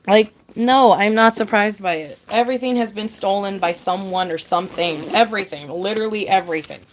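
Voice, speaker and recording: A woman's voice: medium pitch, a little fast, a little hiss or hum. A woman ranting casually to her camera, swearing often, repeating herself for emphasis and calling the listener babe. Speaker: vlogger.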